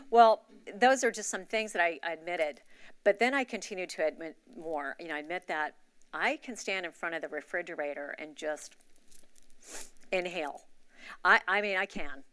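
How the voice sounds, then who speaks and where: This woman's fairly low, slightly bright voice moves at a moderate pace as she tells her church gathering a candid, confessional personal story in conversational style.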